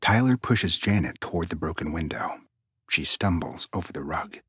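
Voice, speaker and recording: In a low voice with a bright, forward edge, a man reads a suspense story, hushed and breathy and dropping nearly to a whisper, yet with lively intonation at a moderate pace. The sound is close and dry.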